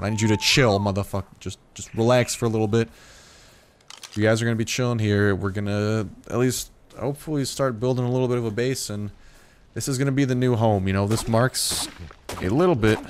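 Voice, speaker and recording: A young man with a fairly low voice, chatting loosely as he plays a game late at night. He sounds tired, swears casually, restarts his sentences, and now and then his voice leaps up in startled disbelief. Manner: chatty, swears freely, rambling with restarts, yelps in surprise. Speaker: gaming youtuber. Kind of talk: casual let's play commentary.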